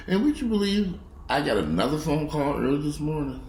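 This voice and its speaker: A man in a profane, angry rant. He curses bluntly and mocks people, swinging between low grumbling and loud outbursts. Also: big pitch swings, brisk, long pauses. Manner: blunt, heavy cursing, mocking. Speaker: video blogger. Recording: echoey room.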